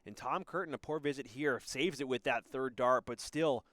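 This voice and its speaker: A man doing live play-by-play commentary on a darts match, excitable and prone to loud exclamations on a close mic. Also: mid-range voice, normal speed, dry recording. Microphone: close mic, apologizes for being too loud.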